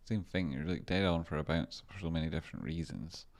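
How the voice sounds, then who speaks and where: A man with a deep, low voice talks casually on a live stream, answering his chat and wandering through his points in a loose, rambling way. He sounds relaxed and chatty, restarting and circling back as he goes. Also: fairly quick, creaky. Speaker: livestream host doing stock chart analysis.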